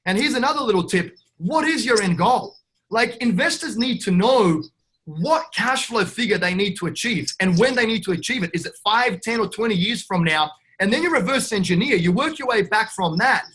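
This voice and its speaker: A man's voice: high-pitched, expressive, moderate pace, a bit bright, slightly rough. A man with an Australian accent being interviewed on a podcast, brash and upbeat, calling the host "mate" again and again. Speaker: guest real estate investor.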